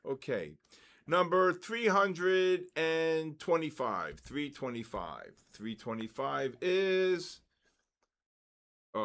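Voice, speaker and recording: A man with a fairly high voice hosts a live online session, drawing giveaway numbers out loud. He talks in an unhurried way and bursts into excited exclamations. His chat is loose and casual, full of shout-outs. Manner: excitable, calls out numbers and names, exclaims loudly. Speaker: livestream host running a giveaway.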